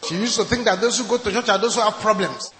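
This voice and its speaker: A man's voice: high-pitched, quick pace, fairly bright tone, slight background noise. A Nigerian man preaching a sermon as pastor, emphatic and repeating his key points. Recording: echoey hall with long reverb.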